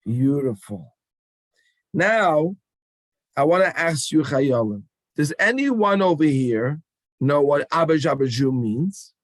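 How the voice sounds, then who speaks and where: Man speaking slowly to a children's rally. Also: fairly high pitch, expressive, no room sound. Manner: call-and-response, coaxing and emphatic. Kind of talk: animated talk to a children's rally.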